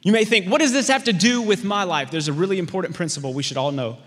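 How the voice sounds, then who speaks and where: A man preaching a sermon, who tells stories with lively acted-out voices. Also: high voice, quick pace, few pauses, in a large hall. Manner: storytelling, animated voices in anecdotes. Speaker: pastor.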